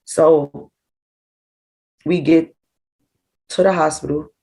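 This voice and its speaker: A middle-aged woman, a grieving mother recounting events in an interview, animated and acting out what people said. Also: low voice, slow pace, rough recording. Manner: animated, acts out quoted dialogue. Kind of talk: emotional personal storytelling.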